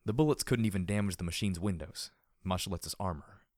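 Man narrating an audiobook, low and dry. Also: fairly quick, a little mellow, no echo. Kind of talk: first-person audiobook narration.

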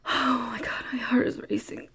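A woman in a whispered role-play, talking in a breathy, stammering, pleading way and sounding out of breath. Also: on the high side, fairly even intonation, normal speed, pushed and bright. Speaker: audio role-play performer.

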